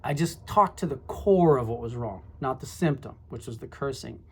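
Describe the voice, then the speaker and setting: A middle-aged former high school teacher telling classroom stories in a rambling, reflective way, full of asides. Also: animated, moderate pace, breathy edge. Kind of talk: casual storytelling monologue.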